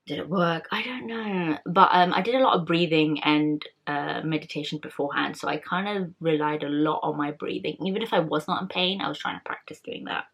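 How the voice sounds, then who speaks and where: A woman's voice: low-pitched, a little fast, creaky, few pauses, a bit bright, lo-fi sound. A young woman vlogger in casual chat, talking candidly and rambling with many fillers and restarts.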